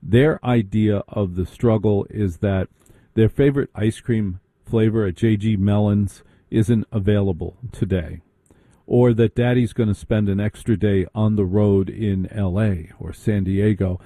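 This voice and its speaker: A man telling a comic story about the past in a sarcastic, animated and mocking way. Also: fairly low pitch, unhurried, no echo.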